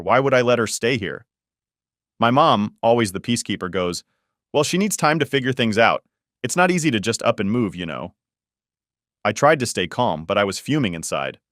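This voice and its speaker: A man's voice: lowish voice, fairly bright tone, dry recording, studio quality. A man telling a personal story in first person, in a conversational, exasperated way. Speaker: narrator.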